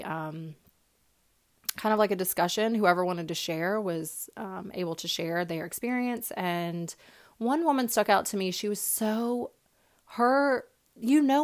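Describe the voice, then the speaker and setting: Heartfelt woman podcaster, lowish voice. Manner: heartfelt, gets emotional, many repeated words and fillers. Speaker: podcast host. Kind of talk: casual personal podcast monologue.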